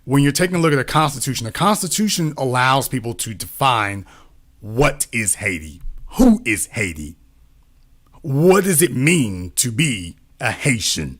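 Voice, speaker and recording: A man's voice: medium pitch, very animated, normal speed, a bit bright. A man talking as a political commentator in a casual discussion, often repeating himself and asking rhetorical questions.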